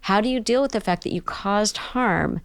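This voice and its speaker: Smooth-voiced woman therapist explaining calmly. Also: medium pitch, moderate pace, no echo. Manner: thoughtful, explains with acted-out examples. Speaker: psychotherapist and author, guest. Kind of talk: conversational podcast interview.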